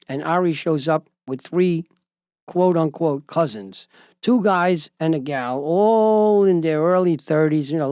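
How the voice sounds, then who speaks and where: A man's voice: fairly high pitch, warm tone, dry recording, clean studio sound. Wry older man telling a story. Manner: wry, chuckling asides. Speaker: host, retired judge. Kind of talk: storytelling anecdote.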